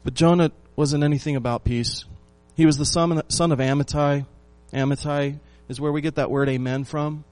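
In a sermon with no echo, a pastor speaks at a moderate pace with few pauses, his higher voice fairly even in intonation. He leans on rhetorical questions and repeated phrases for emphasis, alternating loud passages with hushed ones.

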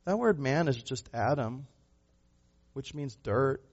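A man preaches a sermon in a husky voice of middle pitch. He asks rhetorical questions and presses his points hard, then drops quieter. The recording sounds muffled and dull. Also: expressive, slow. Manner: emphatic, rhetorical questions, shifting between loud and soft. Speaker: pastor.

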